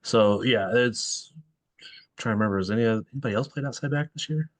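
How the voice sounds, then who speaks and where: A man's voice: medium pitch, brisk, dry recording. A man hosting a soccer podcast in casual chat, thinking aloud and correcting himself as he goes. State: tired. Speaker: podcast host.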